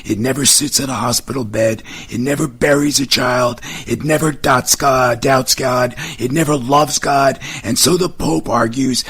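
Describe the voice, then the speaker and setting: A man's voice: mid-range voice, fairly even intonation, measured pace, few pauses, a bit bright, husky. A man co-hosting a talk show, arguing earnestly and insistently in a heated debate. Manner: earnest, insistent, talks over others. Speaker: co-host.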